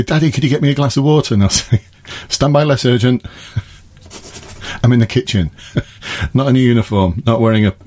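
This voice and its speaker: This lowish, somewhat mellow male voice belongs to a middle-aged former police officer casually hosting a podcast from his garden summer house. He dispenses advice and laughs at his own jokes.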